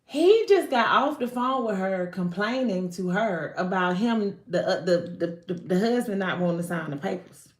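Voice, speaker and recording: A woman giving a live tarot reading in an animated, slangy way, swearing and often breaking off mid-sentence. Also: mid-range voice, normal speed, hardly any pauses, reverberant. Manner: animated, slangy, swears, frequent self-interruptions. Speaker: tarot card reader.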